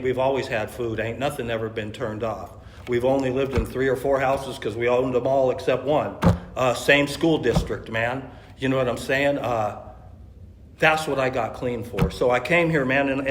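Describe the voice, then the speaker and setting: A man's voice: mid-range voice, a little hiss or hum. Middle-aged man from California, casual slangy storyteller at a recovery meeting, echoey hall. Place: meeting room. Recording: echoey meeting room, faint ambience.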